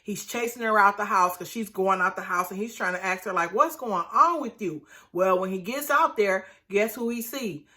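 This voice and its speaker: A woman recapping a reality TV episode in casual commentary, animated and outraged, talking straight to her viewers. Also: mid-range voice, moderate pace, hardly any pauses.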